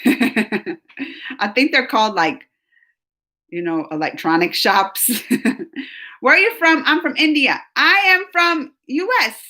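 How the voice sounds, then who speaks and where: Chatty woman, bright voice. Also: mid-range voice. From New Orleans, USA. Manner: chatty, rambling, laughs often. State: a bit sick, coughing. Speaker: livestream host reading chat. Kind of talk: casual live chat.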